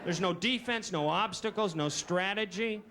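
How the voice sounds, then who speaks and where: A male stand-up comic works through his routine in a dry, deadpan way and turns most jokes back on himself. His voice sits a bit high for a man. The sound is an old videotape recording, with clear hiss running under it. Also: moderate pace, some chatter behind. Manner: dry, deadpan delivery with self-deprecating asides. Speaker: stand-up comedian. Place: comedy stage before a live audience. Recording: noisy early 1990s VHS recording.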